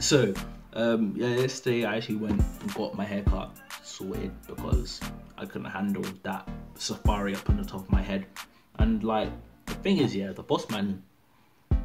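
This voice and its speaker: An eighteen-year-old man chatting casually to camera, rambling and full of fillers. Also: on the low side. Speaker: vlogger. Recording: music playing loudly behind.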